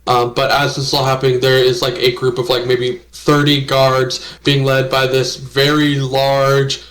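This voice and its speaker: A man's voice: mid-range voice, monotone, fairly bright tone. Casual, swearing game master man. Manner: casual, profane, halting with fillers. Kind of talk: narrating a tabletop game.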